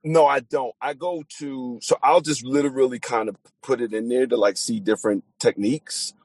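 A man in a casual chat, talking haltingly with many restarts. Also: mid-range voice, fairly even intonation, darkish tone, breathy edge, no room sound.

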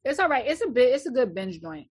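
A woman with a fairly high voice chats casually. She speaks bluntly and keeps the talk going. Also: big pitch swings, fast, darkish tone, slight background noise. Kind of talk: casual chat.

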